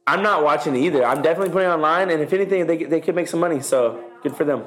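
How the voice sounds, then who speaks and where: Young male podcast co-host, slightly high voice, relaxed and reactive, throws in bro often. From Texas. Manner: relaxed, quick reactions, says bro a lot. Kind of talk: casual chat.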